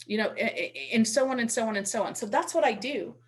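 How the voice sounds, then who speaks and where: Her voice is fairly high, expressive and quick as she runs an online webinar on real estate investing. Speaking chattily into a computer mic, she repeats words when restarting and walks through call scripts as examples.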